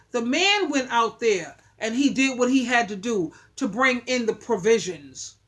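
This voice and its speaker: High-voiced woman vlogger lecturing her viewers, emphatic and repetitive. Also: fairly bright tone. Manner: emphatic, preachy, repeats points for emphasis. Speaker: relationship advice vlogger. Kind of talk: casual opinionated monologue.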